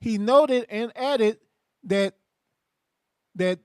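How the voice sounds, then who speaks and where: A man reading news articles aloud in a measured way with halting restarts. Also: high-pitched, darkish tone, clear, resonant tone, no echo, studio quality. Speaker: article reader.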